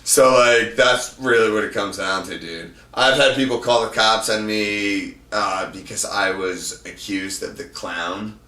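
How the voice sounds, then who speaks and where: A man guesting on a podcast, talking casually and profanely, sometimes loud and sometimes mumbling. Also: on the low side, unhurried, few pauses. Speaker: podcast guest, van traveler. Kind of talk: casual chat. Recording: roomy sound from a distant mic.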